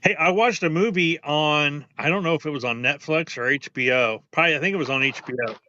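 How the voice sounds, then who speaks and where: A man's voice: fairly high pitch, fast, sharp tone. A man co-hosting a casual podcast, telling rambling, profane, joking stories. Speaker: podcast co-host. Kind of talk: casual crude banter. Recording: dull, dry lo-fi audio.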